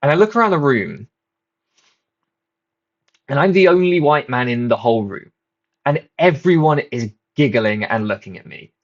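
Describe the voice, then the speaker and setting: A man's voice: medium pitch, expressive, normal speed, long pauses, muffled recording. A man and channel host casually telling a rambling, self-mocking story, swearing freely.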